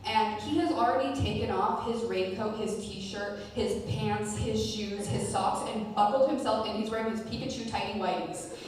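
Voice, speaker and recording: Stand-up comedian, female, deadpan delivery; live hall recording, distant mic, audience noise. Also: mid-range voice, normal speed, hardly any pauses. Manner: deadpan storytelling with filler ums.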